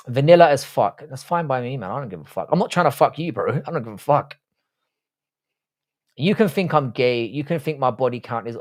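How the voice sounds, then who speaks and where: Blunt, swearing raised man. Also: mid-range voice. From Irish, raised in southwest London. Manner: blunt and profane, reads chat questions aloud then answers. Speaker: livestream panelist answering chat. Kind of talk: casual livestream chat.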